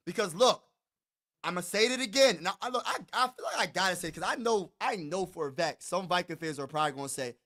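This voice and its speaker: Bright and high-pitched, a man hosting his own sports talk program rants, alternately thrilled and frustrated. It's a hyped fan rant marked by repeated lines for emphasis and stumbling, rapid restarts.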